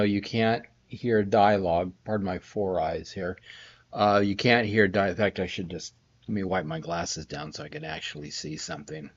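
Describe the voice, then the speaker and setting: Yawning and sleepy, a middle-aged composer rambles amiably on a casual live stream from his home production studio, where he's scoring music and greeting viewers by name. He has a lowish voice, and the lo-fi stream audio is a bit dull.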